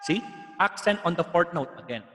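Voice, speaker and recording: A man with a Filipino accent gives an online music theory lesson, explaining each point patiently. His voice sits fairly high for a man. The recording carries a long, lingering reverb. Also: expressive, brisk, pushed and bright. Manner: explaining patiently, mixing in Tagalog asides. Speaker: music teacher.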